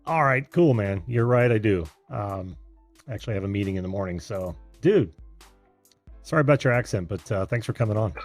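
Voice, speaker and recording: Easygoing low-voiced male host. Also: animated, a little fast, faint music behind. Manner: easygoing, laughs often. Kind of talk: casual chat. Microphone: video call.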